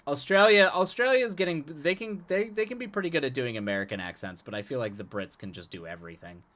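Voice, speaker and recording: A man's voice: fairly high pitch, lively intonation, fast, a bit bright. A man talking casually as a live streamer, chatting with viewers, often laughing and repeating words as he restarts his sentences.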